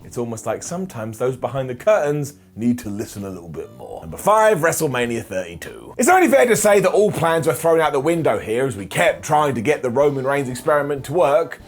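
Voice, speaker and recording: A man hosting a wrestling ranking video, losing his voice and talking in an animated, theatrical way. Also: mid-range voice. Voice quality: husky. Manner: animated and theatrical, dramatic pauses. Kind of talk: opinionated ranking commentary.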